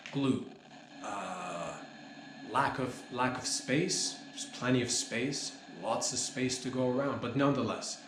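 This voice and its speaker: A man rambles through a deadpan comedy monologue in a mock-serious tone, with plenty of "dude" and "man" thrown in. His voice sits in a middle register and sounds roomy and echoey, with a faint hiss of noise underneath. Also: mid-range voice. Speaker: comedy podcast host.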